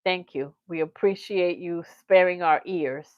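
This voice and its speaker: A woman's voice: on the low side, measured pace, no echo. Chatty woman livestream host, lo-fi. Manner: chatty and animated, laughs often, acts out quotes. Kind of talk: casual livestream chat, reading viewer comments. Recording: dull lo-fi sound, dry.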